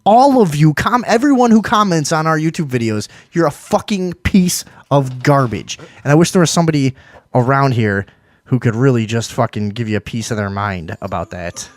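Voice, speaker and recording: A man's voice: mid-range voice, expressive, moderate pace, no room sound. A man hosting a casual live talk show, swearing often and ranting. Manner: profane, ranting. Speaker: podcast host.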